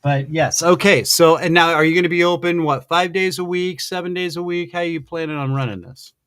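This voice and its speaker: A man hosting a podcast, chatting in an excited, rambling way, gushing like a fan over his guest. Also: a little high, a little fast, smooth, no echo, clean studio sound. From American Midwest. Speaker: podcast host. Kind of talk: excited casual interview chat.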